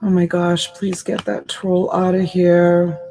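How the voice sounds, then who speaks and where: A woman's voice: lowish voice, little pitch movement, slow, gravelly, dark tone, slight background noise. A woman hosting a live selling stream, chatting casually and answering viewer comments by name in a sympathetic way. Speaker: live-stream seller and host.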